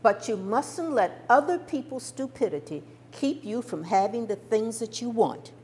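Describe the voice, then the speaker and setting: Woman doing a gentle, reassuring mother, low and soft. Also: lively intonation, a little slow, a little hiss or hum. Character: caring mother, quiet and steady.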